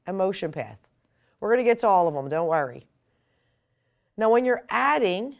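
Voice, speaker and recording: A woman explaining software step by step in a screen-recorded tutorial. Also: mid-range voice. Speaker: software instructor.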